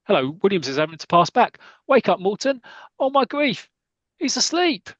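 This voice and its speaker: A man voicing a gruff middle-aged football manager who scolds his players with incredulous outbursts. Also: on the high side, fast, dry recording, lo-fi sound, lightly acted. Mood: exasperated.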